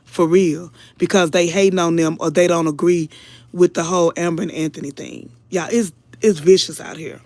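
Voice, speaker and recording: A woman's voice: lowish voice, fairly even intonation, moderate pace, a little mellow, no echo. A woman commentator talking casually to her viewers, earnest and emotional, preaching a little and calling them y'all again and again. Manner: earnest, preachy, keeps addressing the audience as y'all. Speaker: online commentator.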